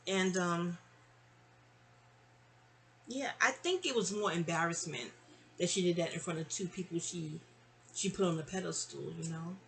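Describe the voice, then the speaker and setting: A woman's voice: lowish voice, normal speed, long pauses, a bit bright, slight background noise, rough recording. A woman from New York telling a personal story in a casual, rambling way, talking straight to her listener and acting out other people's voices. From New York (Queens). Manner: acts out others' voices in quoted dialogue.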